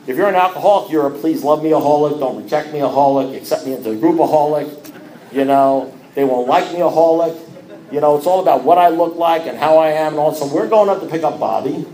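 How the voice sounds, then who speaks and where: Animated self-mocking male storyteller, echoey room. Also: on the high side, fairly quick. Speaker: speaker sharing his recovery story. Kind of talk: personal testimony to a group.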